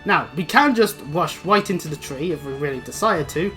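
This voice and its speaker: A man's voice: a little high, animated, moderate pace, a bit bright, faint music behind. A man from Britain casually commenting while playing a video game, chatty and prone to restarting his sentences. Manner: chatty, rambling, self-interrupting. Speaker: let's play host.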